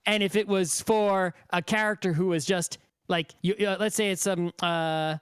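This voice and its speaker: A man's voice: sits high, steady tone, moderate pace, a bit bright, clear, resonant tone, no echo, clean studio sound. A man co-hosting a podcast in casual chat, rambling and checking in with the listener as he talks. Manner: rambling, keeps checking in with "right?". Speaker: podcast co-host.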